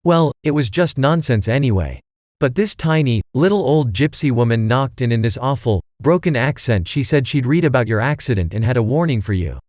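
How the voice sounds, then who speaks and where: A man voicing a bustling, chatty middle-aged aunt who tells things in a brisk, gossipy way, in a storybook reading. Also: medium pitch, expressive, a little mellow, no echo, studio quality, close to an everyday voice.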